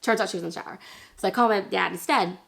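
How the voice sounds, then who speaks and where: A young woman vlogger tells a long story straight to her viewers, chatty and full of fillers, with little self-deprecating laughs along the way. Her voice sits at a middling pitch with a gravelly fry running through it. When she quotes people, she jumps up into a high, excited squeal. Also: rapid-fire. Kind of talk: casual storytelling vlog.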